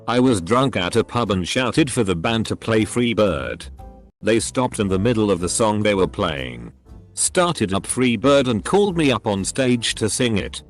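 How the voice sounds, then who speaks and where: Male text-to-speech narrator, lowish, animated pitch, reads punctuation aloud. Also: a little slow, faint music behind. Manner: reads punctuation aloud, flat delivery of quotes. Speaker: narrator reading online posts.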